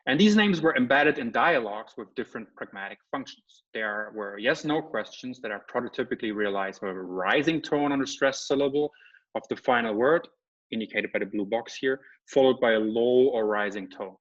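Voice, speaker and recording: Brief: male guest lecturer, mid-pitched, explanatory, checking in with the audience, dull lo-fi video-call sound. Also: expressive, brisk. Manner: explanatory, checks in with "right?" and "okay?". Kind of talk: academic lecture. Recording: slightly muffled lecture audio.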